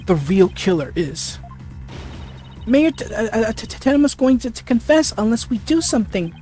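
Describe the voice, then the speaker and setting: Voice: mid-range voice, sing-song, normal speed, dark tone, faint music behind, natural voice. A reader voicing a frantic young female defense attorney in a let's play, pleading urgently and stumbling over the words. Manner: stammers over the lines. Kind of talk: let's play dialogue reading.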